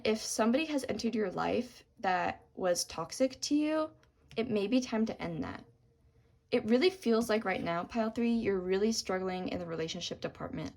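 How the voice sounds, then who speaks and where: Gentle young woman reading tarot. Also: medium pitch. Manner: gentle, reassuring, with frequent ums and apologies. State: voice cracking from talking a lot. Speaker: tarot reader.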